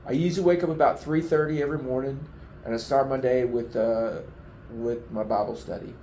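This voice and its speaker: A man giving a heartfelt, halting testimony in an interview, his emotion showing as he speaks. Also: medium pitch, steady tone, dark tone, slight background noise. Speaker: flood survivor giving testimony. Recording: roomy echoing room.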